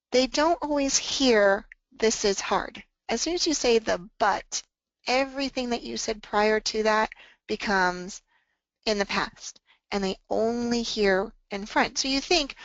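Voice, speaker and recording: Woman presenter, somewhat high voice, calm and earnest workshop delivery; dry, dull-sounding recording. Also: measured pace, no echo. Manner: calm, earnest, acts out example phrases to students. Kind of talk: workshop talk.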